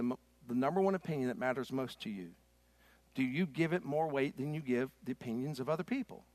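A man pastor preaching a sermon, rising to loud, forceful stretches and dropping to soft, slow ones. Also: medium pitch, no echo.

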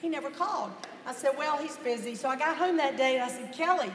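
A teacher and pastor's wife telling a humorous story in a sermon, animated and mock-outraged. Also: female voice, sits high, normal speed, a little hiss or hum. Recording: echoey hall with long reverb.

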